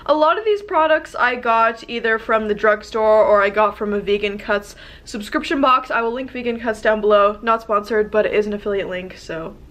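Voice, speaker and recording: A woman's voice: a little high, normal speed, a bit bright. Nasal young woman with a cold. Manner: chatty, rambling, self-deprecating. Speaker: beauty vlogger. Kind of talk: casual get-ready-with-me chat.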